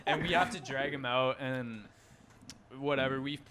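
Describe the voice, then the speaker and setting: A man's voice: medium pitch, normal speed, over a noisy crowd. A man who plays drums in a band, guesting on a podcast and telling a story in loose casual chat, swearing and laughing.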